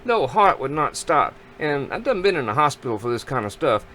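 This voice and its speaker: A middle-aged man, telling a long, rambling story to the camera in a folksy, animated drawl while grilling outdoors. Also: fairly high pitch, fairly quick, a little hiss or hum. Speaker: vlogger.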